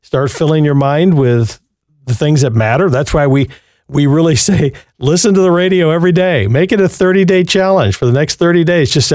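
A man's voice: fairly high pitch, moderate pace, a little mellow, no echo, clean studio sound. A man hosting a live Christian radio call-in show, giving earnest, encouraging advice to callers. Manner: earnest, encouraging, repeats and restarts phrases.

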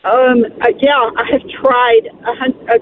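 A woman calling in to a radio show, holding back tears and speaking haltingly. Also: on the high side, little pitch movement. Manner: halting, hesitant. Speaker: caller. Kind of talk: call-in conversation. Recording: tinny phone line with noise.

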